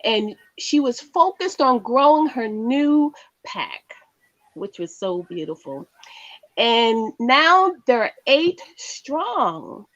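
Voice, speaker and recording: A female talk show co-host who tells news stories with a lively, swinging voice and eager agreement. She talks slowly and sits fairly high in pitch. Her audio is dull and lo-fi. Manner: affirming, lively storytelling, many agreeing interjections. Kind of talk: casual chat, reading news stories.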